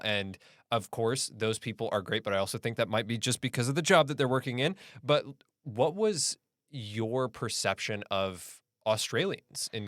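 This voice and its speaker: A man's voice: fairly low pitch, fairly bright tone, no echo, studio quality. A man from the Midwest hosting a casual interview, asking questions and cracking jokes. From American Midwest. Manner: friendly, joking interjections. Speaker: podcast host.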